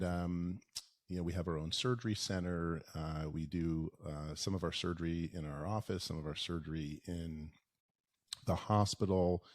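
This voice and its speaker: A soft-spoken man being interviewed as a guest, answering in a halting way with many pauses and fillers. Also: deep voice, no echo, studio quality. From Long Island, New York. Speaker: oral surgeon, interview guest.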